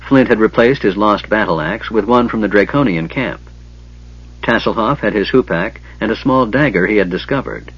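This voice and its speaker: A man reads a fantasy novel aloud in a measured, even way. His voice is husky and sits fairly low. The recording sounds dull and lo-fi. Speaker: audiobook narrator. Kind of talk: scripted fantasy narration.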